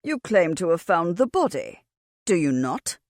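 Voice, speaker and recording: A woman's voice: fairly low pitch, sing-song, measured pace, darkish tone, dry recording, clean studio sound. A woman voicing a pompous male inquisitor who speaks with clipped, accusing authority.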